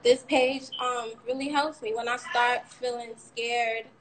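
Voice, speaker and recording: A woman's voice: a little high, fairly even intonation, measured pace, a little hiss or hum, poor audio. A young woman telling a candid, rambling personal account of a frightening ordeal on a livestream, cursing now and then. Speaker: shooting survivor sharing her story.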